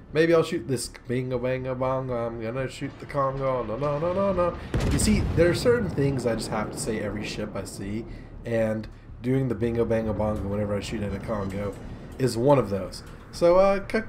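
A man's voice: mid-range voice, a little mellow, slight background noise. A young man giving casual, rambling gameplay commentary with sarcastic jokes and asides. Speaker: gaming commentator.

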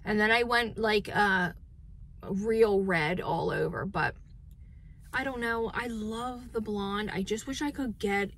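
A woman's voice: mid-range voice, slow pace, fairly bright tone. A chatty woman talks to her viewers from inside a car, in a middle-range voice. She rambles freely, circling back and correcting herself as she goes. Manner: rambling, chatty, with many fillers and self-corrections. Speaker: beauty vlogger. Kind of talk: casual chat. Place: in a parked car.

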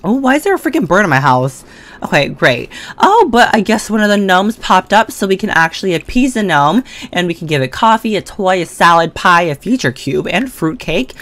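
A woman with a notably low voice talks her way through a life-sim game into a desk condenser mic. Her commentary is loose and full of slang. She chats straight to the characters and breaks into sudden excited or mock-scared outbursts. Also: fairly quick. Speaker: gaming video creator. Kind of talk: casual let's-play commentary.

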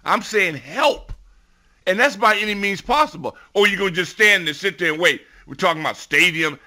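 A middle-aged man talks football as a radio guest, pressing his points and rising into loud emphatic bursts. His voice is bright and forceful and sits a little high for a man. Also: lively intonation, normal speed. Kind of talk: sports radio talk.

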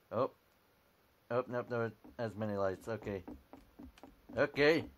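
A gameplay video maker with a lowish voice speaks at a measured pace, leaving long pauses as he plays a computer game and reads on-screen text aloud at his desk mic. Offhand and dry, he keeps saying "alrighty," and the recording carries a little hiss or hum.

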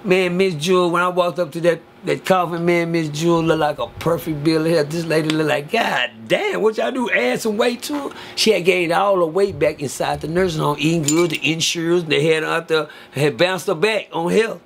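Gravelly man telling a story, animated, profane. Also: a little high, a little fast, few pauses, slight background noise. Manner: profane, animated, acts out other people's lines in a raised voice. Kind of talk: casual storytelling.

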